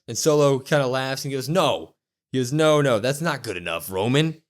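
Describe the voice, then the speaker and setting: A man's voice: medium pitch, a little fast. Guy hyped up recapping wrestling, acts out lines, whoops a lot. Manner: animated storytelling, acts out quotes with loud whoops. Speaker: wrestling podcast co-host. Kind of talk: excited casual recap.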